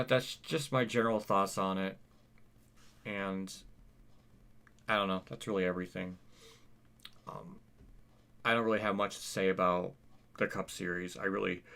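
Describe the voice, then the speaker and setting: A young man talks through a casual channel update late at night, tired and yawning. His voice sits a little low, and he rambles and hesitates with plenty of fillers, sounding worn out and apathetic. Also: vocal fry, sharp tone. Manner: weary and apathetic. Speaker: channel host.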